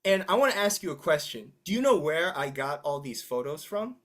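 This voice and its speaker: Lively teacher teasing the class. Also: mid-range voice, brisk. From United States. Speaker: English teacher. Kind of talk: interactive online English class.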